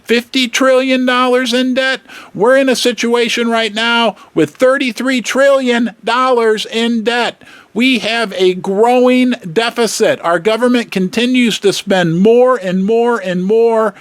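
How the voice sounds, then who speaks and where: A man's voice: extremely high pitch, fairly even intonation, measured pace, smooth, dry recording. A man hosting his own channel, talking casually to camera in an emphatic, exasperated way and firing rhetorical questions at his viewers. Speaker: host of a precious-metals channel.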